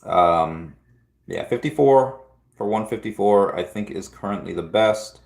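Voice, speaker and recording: A man's voice: on the low side, animated, a little slow, creaky. A man hosting a casual livestream, rambling through chat questions and often restarting and repeating words. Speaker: livestream host answering chat.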